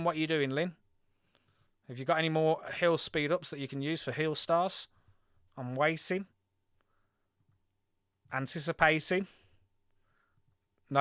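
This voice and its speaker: A man's voice: a little high, fairly bright tone, clean tone, no room sound, clean studio sound. A man from Birmingham hosting a live game stream, chatting with viewers and reading out scores and rallies as they happen. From Birmingham, England. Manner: chatty, reads scores aloud, talks to chat.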